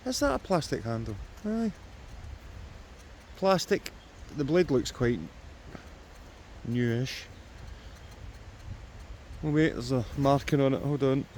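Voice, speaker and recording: A Scottish man gives jokey commentary on his metal-detecting vlog in a medium-pitched, darkish voice that is expressive yet slow, with long pauses. He's filming in woods by a river, and the recording is noisy with flowing water behind him.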